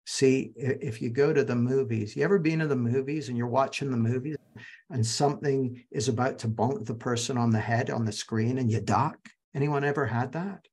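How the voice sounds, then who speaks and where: A man's voice: medium pitch, a little mellow, slightly rough. A man teaching a live online masterclass, telling anecdotes and speaking directly to his audience over a video call.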